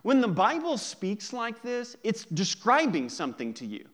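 A man pastor preaching a sermon in a conversational, joking way, drawing out key words slowly for emphasis. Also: sits high, wildly swooping pitch, a bit bright.

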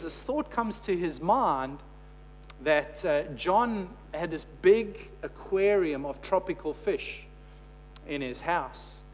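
A man preaching a sermon. He tells a story and then builds to emphatic, repeated phrases. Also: fairly high pitch. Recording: long hall reverb with faint hum.

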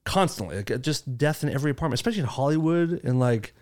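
A man's voice: medium pitch, expressive, quick pace, a little mellow. A man hosting a casual podcast who reacts bluntly and swears freely. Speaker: podcast host.

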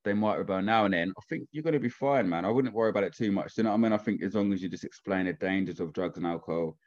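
A man's voice: low-pitched, very fast, darkish tone. A man in casual chat, rambling and often asking "do you know what I mean". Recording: dull lo-fi sound.

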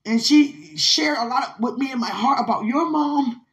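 A young woman with a high voice speaks unhurriedly to her partner in a heartfelt, spiritual monologue, frequently tearful. Loud outbursts give way to hushed asides throughout.

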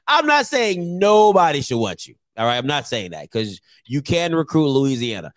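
A man hosting opinionated sports commentary, blunt, joking and repetitive in an animated way. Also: a little high, normal speed, dry recording, clean studio sound.

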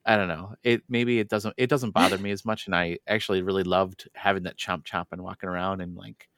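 A man co-hosting a podcast in casual chat, animated and quick to slip into playful character voices. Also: low voice, no echo, studio quality. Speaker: podcast co-host.

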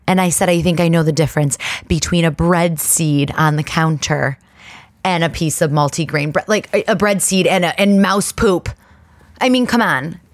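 Woman podcast host, 30s, chatty tangent-prone storyteller, lowish voice, dry close mic. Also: moderate pace, dry recording. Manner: chatty, rambling, animated retelling with tangents. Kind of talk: casual storytelling monologue.

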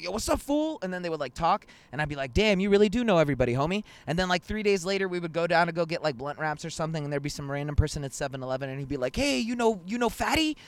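A young man hosting a casual podcast over a video call, telling stories in an animated, slangy way and swearing a lot. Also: a little high, clean tone, dry recording. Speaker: podcast host. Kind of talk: casual chat.

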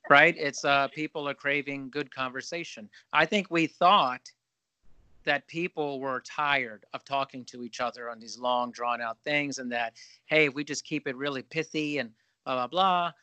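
A man's voice: medium pitch, moderate pace, pushed and bright, clean tone, dry recording. A man hosting a podcast, chatting casually, joking and riffing in long run-on thoughts. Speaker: podcast host. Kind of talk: casual interview chat.

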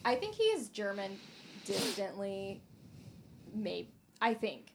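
A woman writer co-hosting a podcast, telling stories in a chatty, animated, giggly way. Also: medium pitch, takes it slowly, creaky, slight background noise. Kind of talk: casual chat.

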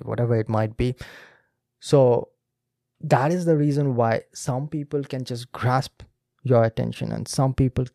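A man's voice: mid-range voice, creaky, mellow, no echo, studio quality. A man, a podcast host and speaking coach talking listeners through a video clip in a teacherly way, speaking to them directly. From India. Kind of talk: explanatory commentary on a video clip.

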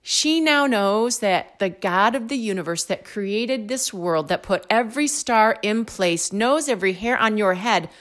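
A woman telling a personal faith story with animated storytelling, acting out both sides of the dialogue. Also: medium pitch, measured pace, hardly any pauses.

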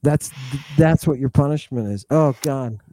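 A man's voice: medium pitch, measured pace, dark tone. A man speaking as a guest in a podcast interview, talking with heated conviction and checking in with a frequent "right?". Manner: impassioned, rhetorical, repeatedly adds "right?". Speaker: guest scholar.

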